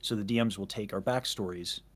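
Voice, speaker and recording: A man's voice: fairly low pitch, brisk. A man chatting casually as a guest, rambling and self-interrupting with jokes. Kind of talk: casual chat.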